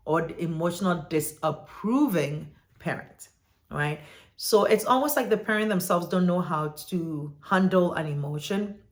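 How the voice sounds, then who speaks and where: A parenting educator teaching parents in a talk, checking in with listeners and asking them to look back at their own childhood. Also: medium pitch. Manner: checks in with listeners with "right?" after points; asks listeners reflective questions.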